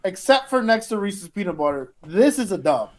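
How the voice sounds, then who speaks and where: A man's voice: sits high, very animated, moderate pace, a little mellow. A man co-hosting a podcast, talking animatedly, swearing and calling his friend dude. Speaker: podcast co-host. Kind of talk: casual banter.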